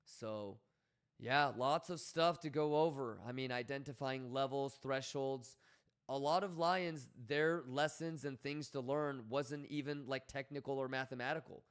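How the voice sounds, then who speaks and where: A man's voice: mid-range voice, measured pace, smooth. Blunt, swearing male streamer. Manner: blunt, profane, coaching tone, reads chat aloud. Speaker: livestream host. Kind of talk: casual livestream chat.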